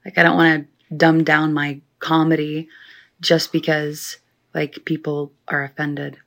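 A woman's voice: low-pitched, little pitch movement, a little slow, gravelly, fairly bright tone. A woman who works as a barber, leaving a rambling voicemail question to a podcast. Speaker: caller, barber.

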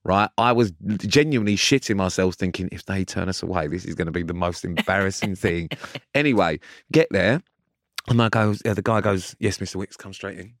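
Deep-voiced sweary guy. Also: animated, moderate pace, dry recording. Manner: dry, sweary, wry storyteller. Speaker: podcast co-host. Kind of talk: casual chat, storytelling.

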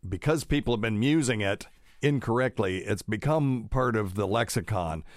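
A man with a very low voice talks in a loose, rambling way, full of ums and side tracks. The sound is dry and close, with no room around it. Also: animated, moderate pace, no room sound. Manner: rambling, digressive, many fillers. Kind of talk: casual talk, reading news aloud.

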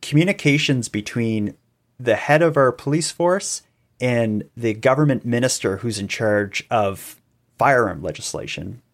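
A man, a podcast guest in an interview, telling events at length and acting out quoted voices. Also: a little slow. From Canada. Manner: animated storytelling, acting out quoted calls with rising pitch. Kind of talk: conversational interview.

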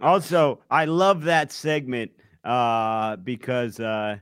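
A man co-hosting a comedy podcast, telling stories with plenty of uhs and sometimes trailing off quietly. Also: medium pitch, steady tone, slow, clean tone, dry recording, clean studio sound. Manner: storytelling, many ums and uhs, drops to near-mutter. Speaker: podcast co-host. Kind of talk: casual comedic chat.

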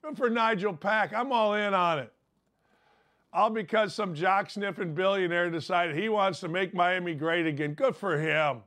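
A man's voice: high-pitched, moderate pace, a bit bright. An older man hosting a sports talk show, ranting in a brash, sarcastic, rambling way. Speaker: sports radio host. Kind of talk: opinionated sports talk monologue.

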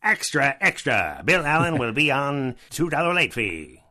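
A man's voice: mid-range voice, sing-song, unhurried, bright, forceful tone, pitched above the performer's own voice, exaggerated voice. A man putting on the voice of an aged newsboy from the 1920s, hawking in old-timey calls. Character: old male newsboy selling papers, aged.

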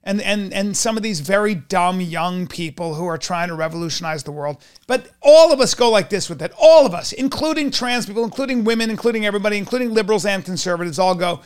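A man's voice: sits high, fast, hardly any pauses, clear, resonant tone. A man co-hosting a comedy podcast, ranting in a profane, sarcastic way. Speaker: podcast co-host. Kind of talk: casual comedic chat.

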